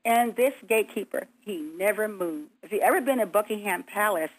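A woman telling her story in an earnest, vivid way, voice at an ordinary middle pitch. She acts out her own pleas as she goes. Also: fairly quick, low-quality recording. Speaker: guest. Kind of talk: recounting a near-death experience.

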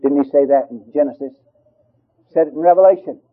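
A man preaching an impassioned sermon, dropping to low murmurs and rising to high pleading cries. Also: fairly quick. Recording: tinny phone-like radio broadcast.

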